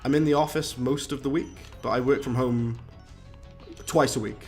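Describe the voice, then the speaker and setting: A man with a medium-pitched, somewhat dark voice talks at a normal speed in a steady tone. He's doing casual, rambling commentary on a live game stream, chatting with viewers, reading their messages aloud and dropping British slang. Game music plays in the background.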